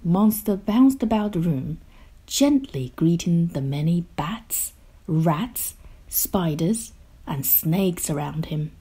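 A woman reading a children's picture book aloud, slow, gentle and expressive, sometimes dropping to a hush. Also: lowish voice, breathy edge. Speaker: storyteller.

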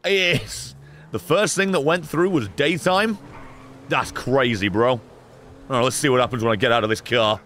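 A man's voice: mid-range voice, moderate pace, a bit bright, a little hiss or hum. A man streaming a game live, ranting at his chat in a profane, exasperated way. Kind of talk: live gameplay stream commentary.

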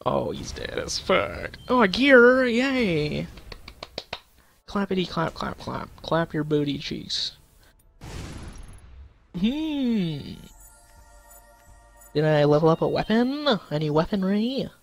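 A man's voice: high-pitched, very animated, slow, vocal fry, pauses often, faint music behind. A young man in casual live-stream commentary, goofy and crude, talking to himself and his chat with sudden silly outbursts. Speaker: gaming streamer.

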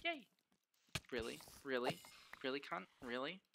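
Young man, streamer, casual game commentary, sweary, talks to chat, crackly fry. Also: mid-range voice, a little slow. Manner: chatty, sweary, bursts of excited exclamations; talks to the chat and himself as he plays.

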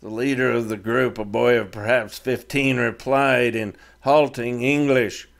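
A man narrating his own Western fiction chapter in a measured storytelling read. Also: medium pitch, steady tone, creaky. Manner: slow, measured reading of fiction. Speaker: author and narrator. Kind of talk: scripted narration.

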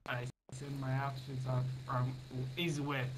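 A man's voice: medium pitch, flat delivery, a little slow, heavy background noise. A man chatting brashly with other players over in-game voice chat, calling everyone brother. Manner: brash, calls people brother.

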